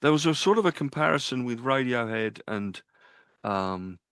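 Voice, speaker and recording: A man's voice: mid-range voice, expressive, moderate pace, fairly bright tone, clean tone, no echo. A man co-hosting a live radio music show, chatting casually and reeling off chart facts. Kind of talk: casual chat about albums. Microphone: studio mic.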